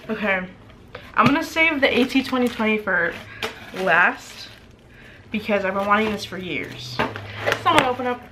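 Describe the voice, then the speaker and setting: Against a noisy background, a young woman with a medium-pitched voice vlogs casually at home. She chats and laughs at herself while setting up and testing a new condenser microphone, talking to it as she goes.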